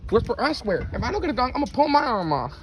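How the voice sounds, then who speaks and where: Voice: medium pitch, sing-song, racing, close to an everyday voice. A performer voicing a whiny, bratty childish boy in a puppet comedy skit. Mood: whining. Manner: blunt and bratty.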